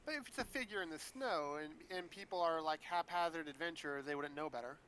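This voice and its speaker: A man playing at a tabletop game, excitable and stumbling over his words in casual banter. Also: on the high side, fast talker, slight background noise, low-quality recording. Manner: excitable, stammering restarts. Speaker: player.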